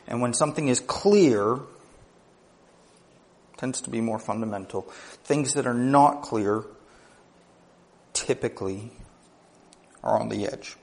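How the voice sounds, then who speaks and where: Male pastor, mid-pitched, measured sermon delivery with emphatic climaxes. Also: a little mellow. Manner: teaching in numbered points, building to emphatic peaks.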